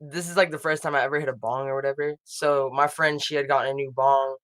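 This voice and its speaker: A man's voice: mid-range voice, level tone, fast, fairly bright tone, smooth, poor audio. A man on a casual podcast who hesitates a lot, filling gaps with "um" while he searches for words. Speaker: podcast co-host. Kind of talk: casual chat.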